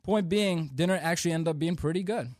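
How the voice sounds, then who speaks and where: A man's voice: fairly high pitch, fairly quick, a little mellow, no echo, clean studio sound. Self-deprecating young man doing stand-up. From India. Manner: self-deprecating, playful storytelling. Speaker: stand-up comedian. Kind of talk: stand-up comedy routine.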